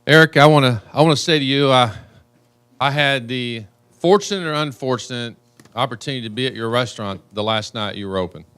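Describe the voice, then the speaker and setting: Earnest halting man speaking to a panel. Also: medium pitch, fairly bright tone, clean tone. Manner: earnest, halting with many restarts. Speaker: congressman at a panel. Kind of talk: emotional unscripted remarks.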